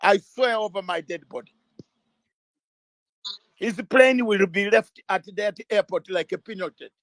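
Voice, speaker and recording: A man's voice: high-pitched, a little slow, fairly bright tone, no echo. A man speaking as an interview guest, emphatic and combative, firing rhetorical questions, sometimes stumbling and restarting words. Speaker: interview guest, legal campaigner. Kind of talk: impassioned interview talk.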